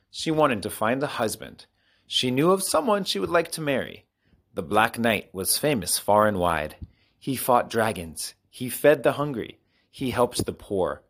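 A man reading short children's stories aloud with clear, expressive storytelling. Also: medium pitch. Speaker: narrator.

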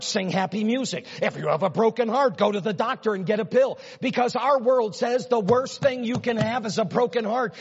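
A man preaching a sermon in a large church, swinging from hushed near-whispers to loud, emphatic runs, repeating words and piling up rhetorical questions. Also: high-pitched, husky. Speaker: pastor. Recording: dull, reverberant hall sound.

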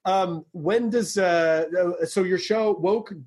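A man's voice: high voice, slow pace, a little mellow, breathy edge. A man from Tennessee, hosting a casual interview, enthusiastic and swearing freely. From Tennessee, United States. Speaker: podcast host.

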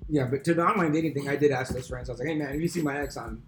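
A man's voice: medium pitch, very fast, crowd noise. A man in casual chat, reflective and laughing easily as he tells stories.

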